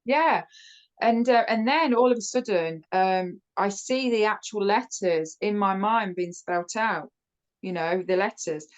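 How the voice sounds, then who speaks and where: A woman from the United Kingdom with a British accent, a podcast guest telling a personal story in a casual, animated way, with many fillers and restarts. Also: mid-range voice, unhurried, low-quality recording. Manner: laughs often while telling the story.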